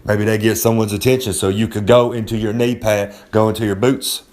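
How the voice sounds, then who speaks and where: A man's voice: lowish voice, flat delivery, a little fast, a little mellow. A man giving a casual, swaggering monologue of tips as a recurring segment presenter, talking loose and streetwise and repeating himself for effect. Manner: swaggering, loose, repeats "I'm just saying", streetwise slang.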